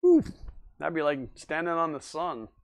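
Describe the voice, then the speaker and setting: A man with a fairly high, smooth, resonant voice hosts a relaxed livestream. He chats loosely and rambles, stopping often to respond to viewers in the chat. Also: a little slow. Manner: rambling, chatty, answers viewer comments. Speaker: livestream host.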